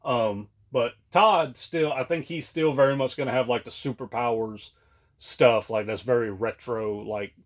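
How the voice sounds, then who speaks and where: A man's voice: mid-range voice, steady tone, unhurried. Rambling man in his late thirties. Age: late 30s. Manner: rambling, many fillers, laughs often. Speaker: podcast co-host. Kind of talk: casual chat.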